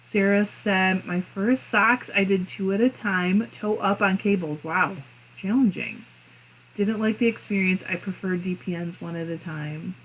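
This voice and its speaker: Midwestern woman host, mid-pitched voice, casual and chatty as she reads viewer comments aloud on a live crafting stream. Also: measured pace, slight background noise, poor audio. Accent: Midwestern American. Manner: chatty and friendly, muses aloud with small laughs.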